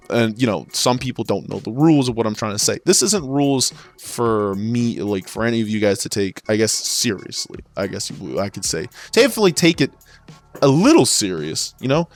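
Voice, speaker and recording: A man ranting about his years working in sales, exasperated and swearing as he rambles through stories and restarts. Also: medium pitch. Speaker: former sales associate. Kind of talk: profane ranting monologue.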